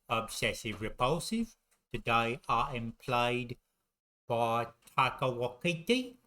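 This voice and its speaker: A man doing a playful put-on New Zealand accent as a slow, drawling impression while greeting viewers. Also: mid-range voice, fairly bright tone, pitched below the performer's own voice. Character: man putting on a laid-back movie-director impression. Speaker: YouTube host.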